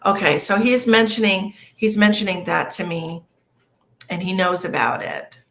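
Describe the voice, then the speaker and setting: A woman's voice: mid-range voice, normal speed, a little hiss or hum. Chatty woman doing a live reading. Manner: chatty, relays messages in a soft conversational way. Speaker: psychic medium. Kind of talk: casual live-stream reading. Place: at home.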